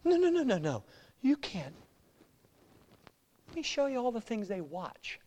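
A man's voice: extremely high pitch, full character voice. A man voicing the devil during a sermon, a male spirit who taunts and accuses in a mocking, half-whispered voice.

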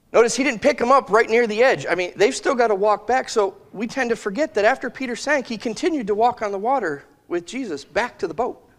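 A man preaching a sermon in a conversational way, thinking aloud with restarts and slowing to give quoted scripture weight. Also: high voice, fairly bright tone, in a large hall. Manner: slow, emphatic phrasing of quoted scripture.

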